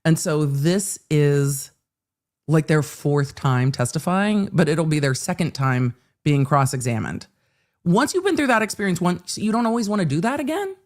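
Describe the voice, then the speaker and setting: A woman's voice: low voice, expressive, moderate pace, darkish tone. A woman hosts a casual live legal commentary. She talks in a chatty, joking way and often makes asides to herself.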